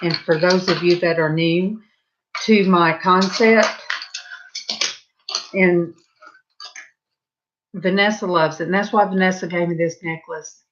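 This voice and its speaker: A middle-aged Southern US woman hosts a painting livestream, chatting casually with viewers in a rambling way full of asides. Her voice sits on the low side with fairly even intonation, and she speaks slowly with frequent pauses. The audio sounds dull.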